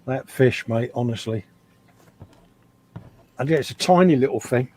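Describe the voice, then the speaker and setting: A man's voice: medium pitch, moderate pace, darkish tone. A man from England co-hosting a live stream, bantering casually, laughing often and calling people mate. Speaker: co-host reading live chat.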